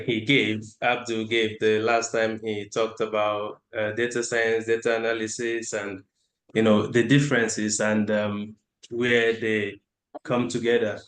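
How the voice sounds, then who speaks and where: Flat-voiced hesitant man in an echoey room. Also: fairly low pitch. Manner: hesitant, many fillers. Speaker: student. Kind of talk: casual feedback.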